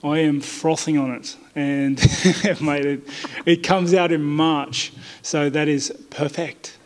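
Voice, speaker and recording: Laid-back Australian fighter, slightly high voice. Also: male voice, flat delivery, slow pace. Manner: blunt, laid-back, says mate often. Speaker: fighter interviewed by press. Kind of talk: casual press interview. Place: media day press area indoors. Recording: reverberant media room.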